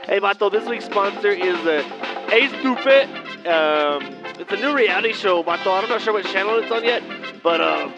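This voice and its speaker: A man's voice: high voice, expressive, moderate pace. A man playing a laid-back weatherman, rambling with Spanish slang. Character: laid-back Mexican-American male weatherman. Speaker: weather segment presenter. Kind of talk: comic character bit. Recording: lo-fi with loud music underneath.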